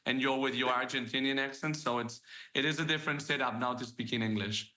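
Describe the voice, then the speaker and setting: A man's voice: medium pitch, steady tone, a little fast, pushed and bright. A man with a Catalan accent hosting a podcast and joking with his guests. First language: Spanish. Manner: upbeat, jokey. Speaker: podcast host.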